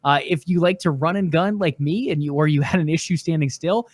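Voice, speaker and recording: A man's voice: a little high, fairly quick, no room sound. Casual man running through gaming news. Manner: relaxed, conversational, with fillers. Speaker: podcast co-host.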